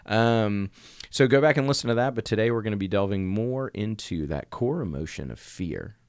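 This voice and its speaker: A man's voice: fairly low pitch, lively intonation, moderate pace, clear, resonant tone, no echo. A man co-hosting a church podcast, a pastor chatting casually in an easygoing, joking, rambling way. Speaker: podcast co-host and care pastor. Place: church recording space.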